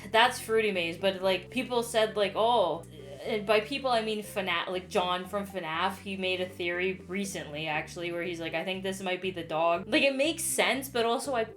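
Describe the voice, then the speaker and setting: A woman's voice: medium pitch, moderate pace, a bit bright, faint music behind. A drunk young woman casually explaining game lore, rambling, swearing and stammering in exasperation.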